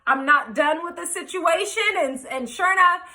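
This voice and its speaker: A young woman vlogger telling a storytime in a frank, animated, profane way. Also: extremely high pitch, moderate pace. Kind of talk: storytime vlog.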